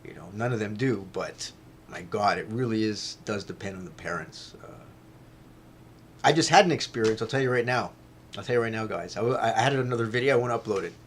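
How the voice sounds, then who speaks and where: A man's voice: lowish voice, expressive, fairly quick, slight background noise. Rambling man talking straight to camera. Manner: rambling, repeats himself, swears, grows loud when retelling a fight. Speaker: vlogger. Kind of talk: casual rambling monologue.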